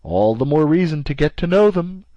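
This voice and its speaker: A man's voice: fairly high pitch, lively intonation, moderate pace, mellow, no room sound, dull audio, pitched above the performer's own voice, lightly acted. A man voicing a loyal, formal manservant in an audiobook, mild and deferential. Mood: polite.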